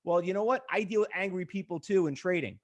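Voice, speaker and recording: A man's voice: high-pitched, fast. A man teaching a live trading webinar, blunt and pushy with viewers, rambling with many fillers. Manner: rambling, chatty, full of fillers. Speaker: trading educator.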